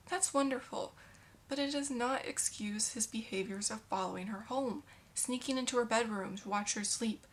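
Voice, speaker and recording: Young woman, casual wry film reviewer, slightly high pitch. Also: fairly bright tone. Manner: sarcastic asides. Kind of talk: casual film recap and critique.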